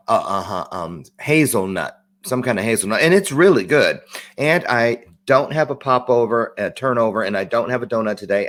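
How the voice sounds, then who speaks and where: A man's voice: fairly low pitch, fairly bright tone. A man hosting a live-streamed talk show, chatting in an upbeat, rambling way with lots of asides. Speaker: host.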